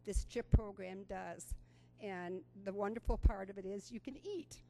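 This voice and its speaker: A woman's voice: mid-range voice, measured pace, creaky, mellow, rough recording. Older woman telling an earnest story. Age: 60s. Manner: earnest storyteller with frequent ums. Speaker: program participant giving a testimonial. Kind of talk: personal testimony speech to an audience. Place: school auditorium.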